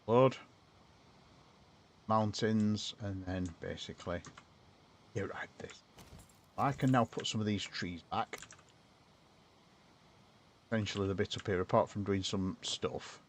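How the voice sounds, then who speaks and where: Man, lowish voice, casual gameplay chat, rambling, talks to viewers. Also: a little slow, long pauses, slight background noise. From northern England. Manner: chatty, rambling, talks to chat while building. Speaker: streamer.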